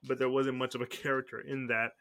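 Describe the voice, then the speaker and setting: Rambling through casual conversation, this man hosting a podcast often corrects himself and starts over. He talks briskly in a mid-range, slightly bright voice with little pitch movement.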